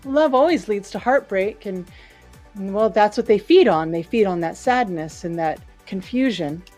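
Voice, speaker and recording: A woman runs a tabletop game and narrates scenes in a loose, filler-heavy way. Her voice sits at a middle pitch. Faint music plays beneath her. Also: lively intonation, unhurried, darkish tone. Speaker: game master.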